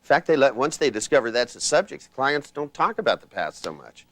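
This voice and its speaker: A man's voice: mid-range voice, big pitch swings, fairly quick, no room sound. An older man teaching a live seminar, rambling through anecdotes and acting out the voices of the people in them. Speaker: seminar trainer.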